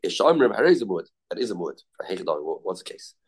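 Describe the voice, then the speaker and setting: Low-voiced man teaching a Talmud class. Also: big pitch swings, quick pace, breathy edge. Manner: informal, restarts often, repeats terms, mixes Hebrew and Yiddish words.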